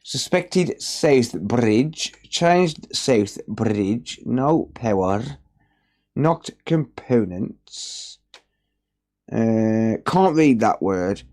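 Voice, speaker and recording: Guy doing a repair livestream, slow easygoing talk, jokey and a bit sweary. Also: lowish voice, animated, darkish tone. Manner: joking, blunt, swears, reads out chat and notes. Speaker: electronics repair livestream host. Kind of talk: casual livestream chat while working. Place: repair workbench indoors.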